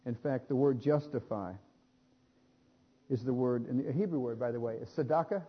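A man preaching a sermon, building to louder emphatic points and adding small jokes. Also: mid-range voice, normal speed, slightly rough. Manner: emphatic, rising loud on key points, with jokes. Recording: dull sound with long hall reverb.

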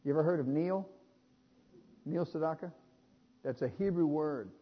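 A man preaching a sermon, building to louder emphatic points and adding small jokes. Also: fairly high pitch, normal speed, breathy edge. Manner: emphatic, rising loud on key points, with jokes. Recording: dull sound with long hall reverb.

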